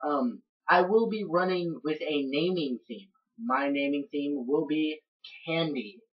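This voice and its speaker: Woman gamer, low voice, rambling let's-play commentary, dull lo-fi recording. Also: measured pace. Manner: rambling, chatty, narrates each step. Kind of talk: casual game commentary.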